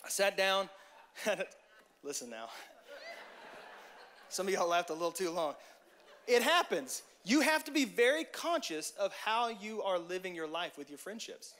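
A man giving a relaxed, conversational sermon with a notably high voice. He jokes and addresses the listeners directly, with lively energy. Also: unhurried, long pauses. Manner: lively, joking, talks straight to the audience. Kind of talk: casual sermon.

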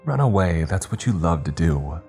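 A deep-voiced man voicing a desperate, pleading teenage girl in a narrated horror story. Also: big pitch swings, normal speed, a little mellow, soft background music. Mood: bitter.

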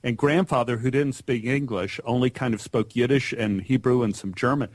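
A man in his fifties from Texas with a Texas accent tinged by Pennsylvania, telling stories as a guest in an interview, lively and laughing often. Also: medium pitch, normal speed, no echo. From Dallas, Texas. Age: 50s. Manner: animated storyteller who laughs and repeats words. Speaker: guest actor. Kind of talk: storytelling interview.

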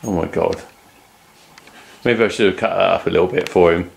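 A man's voice: low voice, brisk, vocal fry. A man hosting a casual cooking vlog at home, chatty and jokey as he bosses the kids along. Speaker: host. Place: home kitchen. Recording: noisy home recording.

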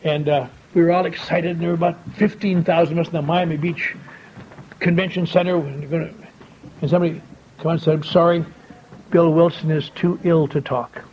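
A man's voice: on the high side, steady tone, fast, a little mellow. An older man telling a wry, folksy story to a convention audience, acting out the dialogue he quotes. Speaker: speaker at a recovery convention. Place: large convention hall. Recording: dull lo-fi tape with faint hiss.

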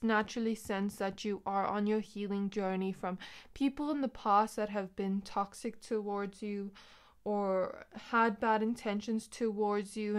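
A woman's voice: mid-range voice, clean tone. A young woman giving a pick-a-card tarot reading, talking in a loose, rambling way with many fillers. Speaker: tarot reader.

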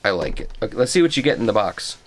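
A man's voice: on the low side, sing-song, quick pace, slight background noise. An older man reviewing records, talking casually and enthusiastically through an unboxing, rambling with restarts.

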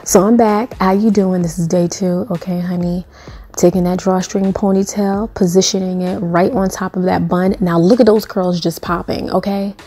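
A woman's voice: lowish voice, fairly even intonation, moderate pace, mellow, soft background music. A young woman talking through a hair tutorial in a sassy, playful, chatty way. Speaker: beauty vlogger.

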